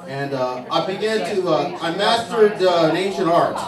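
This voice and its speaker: A man working a saloon stage as a stand-up comic, rambling through his stories with fillers and restarts. His voice sits fairly high. The recording is distant and echoey, with a crowd audible around him. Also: lively intonation, normal speed. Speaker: stand-up comedian. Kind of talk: stand-up routine. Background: audience laughing.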